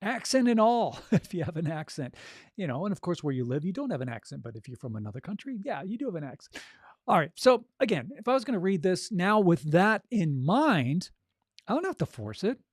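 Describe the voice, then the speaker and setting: A man's voice: sits high, big pitch swings, brisk, no room sound, studio quality. A man coaching audiobook narrators in a casual, upbeat chat, full of fillers like "you know". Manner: conversational, upbeat, with frequent fillers.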